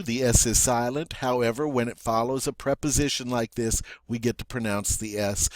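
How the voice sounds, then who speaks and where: A man's voice: medium pitch, moderate pace, few pauses, no echo, clean studio sound. A man teaching a French pronunciation lesson, patiently repeating words and checking in with "all right?".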